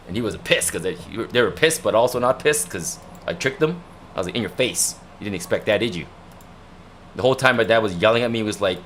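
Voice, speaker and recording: Casting: young male streamer, low voice, loose rambling storyteller, faint room noise behind. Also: fast, a bit bright. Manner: chatty, rambling, repeats himself. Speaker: livestream host. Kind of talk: casual livestream storytelling.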